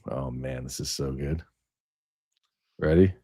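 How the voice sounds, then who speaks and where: A man with a fairly low voice hosts a live stream, rambling through his stories with frequent fillers and restarts. His voice sits close to the mic with a dry, unreverberant sound. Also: moderate pace, dry recording. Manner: rambling storyteller, many fillers. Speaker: livestream host. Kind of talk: casual livestream chat.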